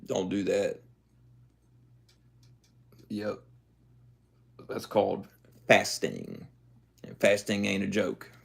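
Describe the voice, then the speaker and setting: A man reading a book aloud in a relaxed way, breaking off now and then with joking comments. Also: lowish voice, extremely slow, gravelly, long pauses. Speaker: reader. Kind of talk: casual book reading with asides.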